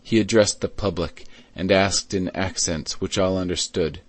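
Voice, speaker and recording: A man reading a classic novel aloud as an audiobook in a measured, even way. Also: sits low, no room sound. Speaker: audiobook reader. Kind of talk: scripted narration.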